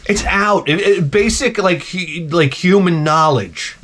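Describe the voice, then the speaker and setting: A man's voice: high-pitched, a little slow, a bit bright. Exasperated profane man ranting. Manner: profane, exasperated, rambling with restarts. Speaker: vlogger. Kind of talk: comedic storytelling rant.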